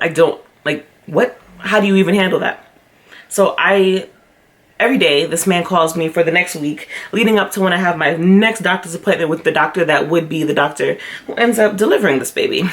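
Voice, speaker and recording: A young woman vlogger telling a personal story to camera, chatty and animated, often acting out what others said. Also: on the low side. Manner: chatty with frequent fillers. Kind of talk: storytime vlog.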